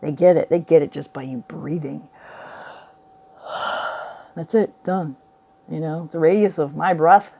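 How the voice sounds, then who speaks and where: A woman's voice: sits low, a little slow, gravelly, long pauses, mellow, a little hiss or hum. A woman in her forties vlogging at home, rambling through spiritual musings, often laughing and trailing off mid-thought. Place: indoors at home by a window.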